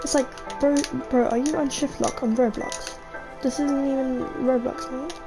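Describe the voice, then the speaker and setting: A woman's voice: sits high, fairly even intonation, normal speed, over music, rough recording. A chatty young woman, rambling casually over her gameplay and often saying "mate". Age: young adult. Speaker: gaming vlogger.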